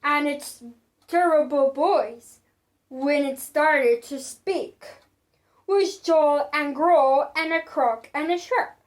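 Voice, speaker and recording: A woman reading a picture book aloud to children in an expressive, sing-song way. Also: sits high, slow pace. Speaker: children's storyteller.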